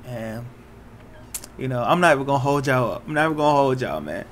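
A man vlogging casually from inside a car, excited and repeating himself as he teases an announcement to his viewers. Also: mid-range voice, a little fast. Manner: excited, repetitive, keeps teasing an announcement. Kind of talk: casual vlog to camera. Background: faint car noise.

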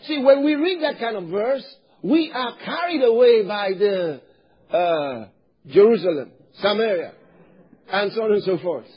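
A man from Nigeria preaching a sermon as pastor, animated, drawing responses from the congregation and rising to loud emphatic shouts. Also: high-pitched, unhurried, husky, dull audio.

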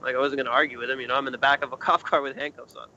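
A young man who does urban exploring, appearing as an interview guest, casually tells a story while animatedly acting out other people's lines in a raised voice. His mid-range voice races along, and the recording is slightly muffled with faint noise.

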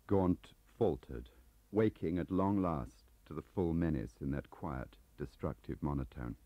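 A middle-aged man reading his novel aloud in a measured, expressive way. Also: rumbling low, no echo. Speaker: author narrating. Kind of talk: audiobook reading. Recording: muffled tape audio.

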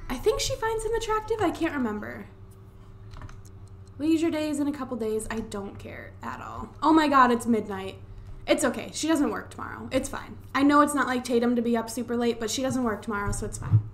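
Young woman, let's play commentary, chatty, excitable, swears casually, slightly high voice, home desktop mic. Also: a little fast. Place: home room. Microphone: desktop USB microphone.

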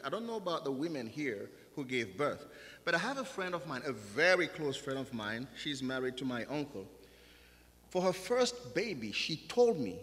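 Man preaching in church, slow and dramatic, loud then hushed, big echoey hall. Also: on the high side. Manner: dramatic preaching that swings between loud exclamations and hushed lines. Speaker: pastor. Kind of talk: sermon. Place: church sanctuary. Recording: long church hall reverb.

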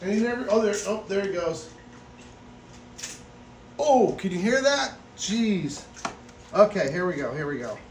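A man hosting a casual vlog at an exotic pet store, excitable, often bursting into laughter and loud exclamations while feeding animals. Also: high-pitched, unhurried, pauses often, a little hiss or hum. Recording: echoey room.

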